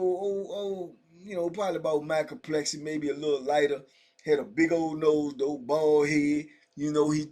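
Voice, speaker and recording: A middle-aged man casually telling first-person prison stories, loose and slangy, full of conversational asides. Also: fairly high pitch. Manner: loose, slangy, full of "you know what I'm saying" asides. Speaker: storyteller recounting prison life.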